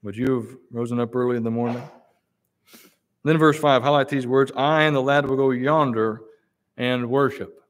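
A man preaching a sermon. He reads scripture in King James wording and presses the listeners with slow, emphatic rhetorical questions. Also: medium pitch, fairly even intonation.

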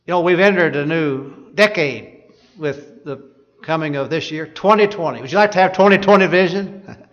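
A man's voice: a little high, moderate pace. A man preaching a sermon, reading scripture aloud and asking his listeners rhetorical questions. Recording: dull lo-fi sound.

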